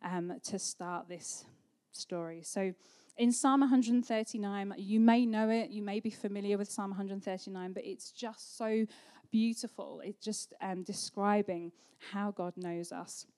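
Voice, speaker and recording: A woman's voice: medium pitch, fairly even intonation, measured pace, dark tone, clean tone. A woman, a pastor telling a family story in a chatty sermon with frequent ums.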